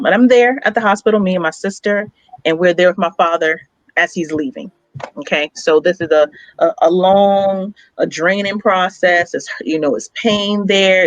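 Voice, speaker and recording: On a dry, dull-sounding recording, this young radio co-host talks at a fairly low pitch. Her personal story comes out blunt, emphatic and sincere, with a few curse words thrown in.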